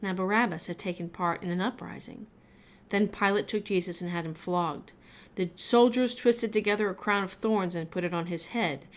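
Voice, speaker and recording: A woman reading scripture aloud for a church, clear and steady. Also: medium pitch, normal speed. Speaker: Bible reader.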